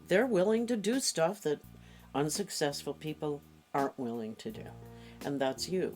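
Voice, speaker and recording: A woman in an interview speaking encouragingly, slow and deliberate. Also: deep voice, a little mellow. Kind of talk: casual interview.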